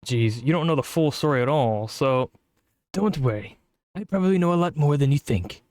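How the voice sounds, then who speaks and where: Streamer doing a sweet British-accented teen girl club president, chipper and a touch eerie, pitched up, dry close mic. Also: expressive, normal speed, a little mellow, no room sound, close to an everyday voice. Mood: friendly. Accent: put-on British.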